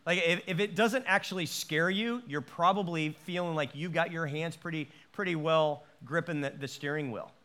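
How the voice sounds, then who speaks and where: A man preaching a sermon with a notably high voice. He delivers it animatedly, restarting phrases and acting out the quotes he tells. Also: normal speed, hardly any pauses, bright, forceful tone. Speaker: pastor.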